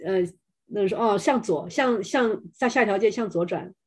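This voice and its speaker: A woman interpreting a sermon live, phrase by phrase, sometimes hesitant and pausing with fillers. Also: medium pitch, a little mellow, breathy edge. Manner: hesitant, fills pauses with 'uh'.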